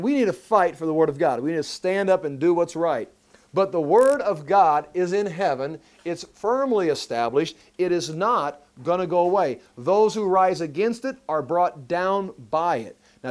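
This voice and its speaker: A man's voice: fairly high pitch, expressive, moderate pace, darkish tone. A man teaching a Bible study sermon, emphatic, repeating key phrases and often restarting mid-sentence.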